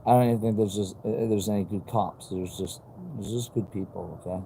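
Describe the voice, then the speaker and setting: A man talking to the camera in a rambling, halting way, swearing often and restarting his sentences. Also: lowish voice, steady tone, slight background noise, rough recording. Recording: loud music playing behind.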